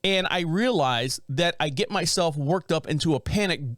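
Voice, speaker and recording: A man in his fifties, co-hosting a casual home-studio chat and telling rambling, animated stories with frequent laughs. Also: on the high side, normal speed, no room sound. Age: 50s. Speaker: podcast co-host.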